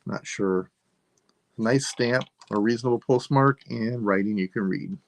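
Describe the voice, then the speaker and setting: A man selling items on a live stream, thinking aloud in a rambling, unhurried way as he describes each piece. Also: lowish voice, a little hiss or hum. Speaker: online seller. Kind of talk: live-stream sales chat.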